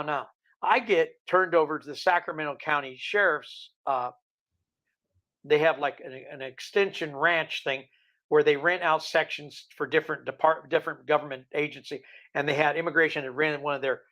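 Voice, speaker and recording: A man's voice: fairly high pitch, fairly bright tone. A middle-aged man from the UK, a guest telling casual, rambling stories full of quoted dialogue. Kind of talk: casual storytelling.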